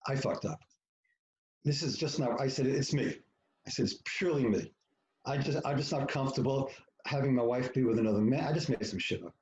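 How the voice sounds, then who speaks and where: A man tells a personal story as a podcast guest, blunt and profane, slipping into the voices of the people in it. His voice sits at an ordinary middle pitch. The recording sounds roomy and a little muffled, like a home setup. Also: darkish tone, slight background noise. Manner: frank, profane, self-mocking, acts out quoted lines. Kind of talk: candid storytelling in conversation.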